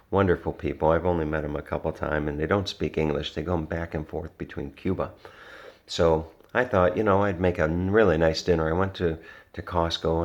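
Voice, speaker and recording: A man's voice: extremely low pitch, muffled recording. A man vlogging, rambling through a personal story in a casual, earnest way with lots of restarts and fillers. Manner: earnest, reflective.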